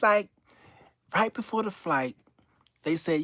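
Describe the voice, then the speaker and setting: An older man hosting his own show, telling a comic story to his viewers in an animated way and laughing through his own punchlines. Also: a little high, measured pace, no room sound, studio quality. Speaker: show host.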